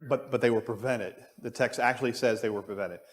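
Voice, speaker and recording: A man's voice: mid-range voice, fairly quick. Man, Bible class teacher, thoughtful, musing aloud, long church reverb.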